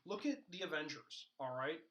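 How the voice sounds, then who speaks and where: A man's voice: fairly high pitch, animated, moderate pace, fairly bright tone, rough recording. A man co-hosting a casual podcast chat, rambling along with jokes, fillers and restarts. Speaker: podcast co-host.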